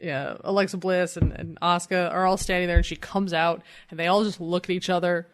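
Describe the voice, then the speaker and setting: Man, high voice, podcast co-host, blunt casual chat, swears freely. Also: steady tone, a little fast, a bit bright, clean tone.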